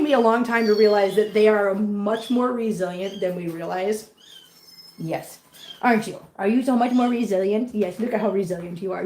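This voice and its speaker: A woman vlogging at home with her cats, switching between soft baby talk to kittens and chatty asides to viewers. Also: medium pitch, moderate pace, echoey room, a little hiss or hum, poor audio. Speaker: cat channel vlogger. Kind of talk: casual vlog chat.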